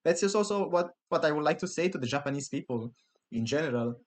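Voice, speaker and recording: A man's voice: on the high side, animated, fast. A man with an Italian accent, co-hosting a podcast in casual, rambling chat full of restarts and laughs. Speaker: podcast co-host.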